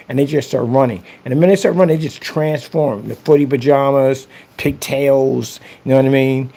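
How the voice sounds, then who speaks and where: A man's voice: medium pitch, gravelly, warm tone. A young man in a casual, boastful monologue, taunting his critics. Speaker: vlogger. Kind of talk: casual trash-talk monologue.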